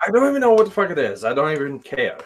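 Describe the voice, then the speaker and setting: Blunt, dismissive man, lively pitch. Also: very fast. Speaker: co-host. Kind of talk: casual stream banter.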